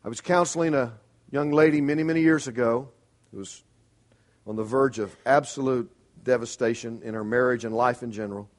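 A man's voice: medium pitch, fairly quick. A middle-aged man preaching a sermon as pastor, earnest and emphatic, pressing his congregation with pointed rhetorical questions.

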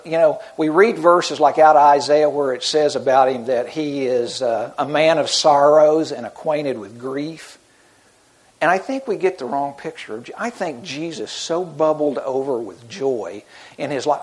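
A middle-aged man preaching a sermon in an earnest, conversational way, often restarting his sentences. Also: a little high. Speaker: pastor.

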